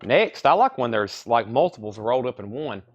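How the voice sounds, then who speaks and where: A man's voice: mid-range voice, very animated, normal speed, dull audio. A man hosting a live sale, rambling casually and joking at his own expense. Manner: rambling, self-deprecating, chatty while eating. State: coughing, throat choked. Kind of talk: casual livestream chat.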